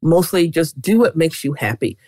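Animated middle-aged woman quilter, dry sound. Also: sits low, normal speed, no room sound. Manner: animated, leans on "literally" often. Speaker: quilter and guest. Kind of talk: casual interview chat.

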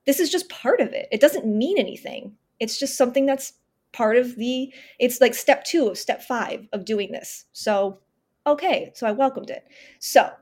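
Earnest, higher-voiced woman telling her story. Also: animated, normal speed, darkish tone. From Northern California. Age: 30s. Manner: earnest, emphatic, with frequent restarts and acted-out inner dialogue. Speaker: podcast guest. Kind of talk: personal storytelling in conversation.

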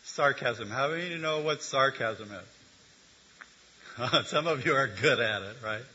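A man's voice: medium pitch, a little slow, sharp tone, slightly rough. An older man giving a conversational sermon, teaching with humor and asides. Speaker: preacher. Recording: dull lo-fi recording.

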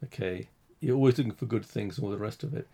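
Man, gravelly voice, halting restarts, critical casual chat. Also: fairly low pitch, mellow. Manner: halting, restarts, rising when frustrated. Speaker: podcast co-host.

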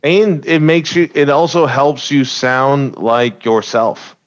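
A male comedian with a mid-range voice casually discusses his jokes on a podcast, with frequent laughter and quick asides. The podcast mic audio sounds dull.

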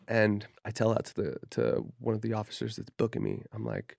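A man with a low, gravelly voice that has a lot of fry in it, telling a story from his own life with blunt, profane candor. He keeps dropping in fillers like "dude" and "you know," and the sound is close and dry with no room echo. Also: expressive, moderate pace. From Utah, USA. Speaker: podcast guest. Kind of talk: casual storytelling. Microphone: podcast studio mic.

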